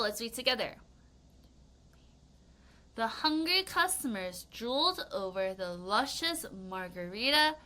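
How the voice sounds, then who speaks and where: A young woman leads a children's vocabulary lesson with a bright, clear tone and a very lively, bouncing pitch. She acts out example reactions with gasps and exclamations. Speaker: English vocabulary teacher.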